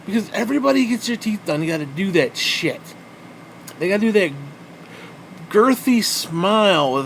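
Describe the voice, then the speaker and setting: A man's voice: high voice, lively intonation, moderate pace, slight background noise. A man hosting a podcast, ranting angrily and bitterly with lots of swearing. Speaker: podcast host. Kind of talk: angry profane rant.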